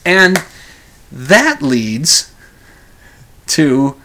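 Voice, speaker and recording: A man's voice: huge pitch swings, very slow, bright, forceful tone, a little hiss or hum. Rambling man hosting a casual podcast. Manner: rambling, self-correcting, chuckles while recounting; acts out quoted lines in a higher voice. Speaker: podcast host. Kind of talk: casual storytelling monologue.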